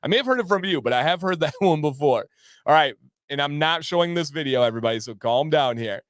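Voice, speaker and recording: Livestream host, male, from Michigan; chatty, laughs a lot, repeats himself. Slightly higher voice, dry close mic. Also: quick pace, no room sound. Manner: chatty and animated, laughs often, repeats phrases, reacts to chat by name. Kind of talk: casual livestream chat, reading viewer comments.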